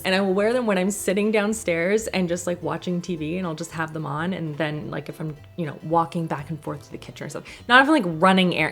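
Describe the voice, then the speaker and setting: A woman casually talking through products she uses at home in a chatty, rambling way, laughing often between thoughts. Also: on the low side. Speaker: lifestyle vlogger.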